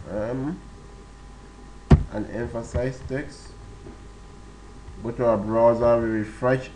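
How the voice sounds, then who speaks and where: Poor audio with slight background noise picks up a man's mid-range voice as he walks through web page basics in a screen-recorded tutorial. He goes slowly and step by step, often repeating phrases and using lots of fillers.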